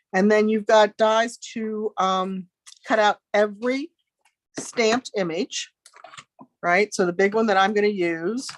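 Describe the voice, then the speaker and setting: A middle-aged woman with a lowish voice gives a relaxed craft demo from home, thinking out loud and tossing in friendly asides. A faint hiss or hum is audible.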